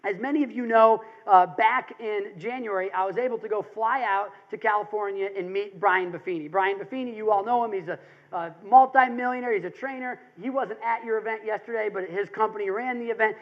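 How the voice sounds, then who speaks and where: Man, thirties, motivational speaker, energetic storytelling, dull lo-fi recording. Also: high voice, a little fast. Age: 30s. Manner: energetic storytelling with emphatic rises. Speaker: seminar speaker. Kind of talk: motivational seminar talk.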